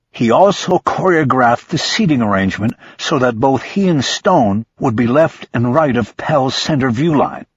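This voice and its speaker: A man reading a crime novel aloud in scripted audiobook narration, steady and measured. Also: medium pitch, husky, no echo, lo-fi sound.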